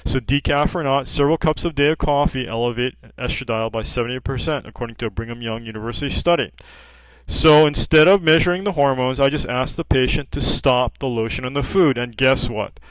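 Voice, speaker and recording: A seller of progesterone cream speaks a little fast in a medium-pitched voice, addressing customers informally. He tells tales of patients, reenacts their calls as dialogue, and says "okay" a lot; the recording is poor but has no echo.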